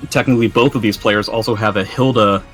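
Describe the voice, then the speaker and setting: A man's voice: lowish voice, fairly even intonation, fast, a bit bright. A young man giving analytical play-by-play commentary on a fighting game match, with self-mocking banter. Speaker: esports commentator. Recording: faint music underneath.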